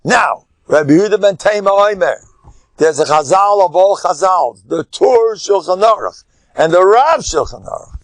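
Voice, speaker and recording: Older rabbi with a gravelly voice. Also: male voice, sits high, lively intonation, dry recording. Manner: emphatic, with sudden loud bursts and quick asides; chatty, storytelling, chuckling. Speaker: rabbi giving a lecture. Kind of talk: animated Torah lecture.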